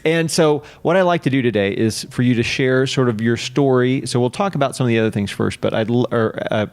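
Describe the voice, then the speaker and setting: A man's voice: medium pitch, fairly quick. A man hosting a podcast interview in a friendly, easygoing way, sometimes hesitating and laughing easily. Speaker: podcast host. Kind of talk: casual interview talk.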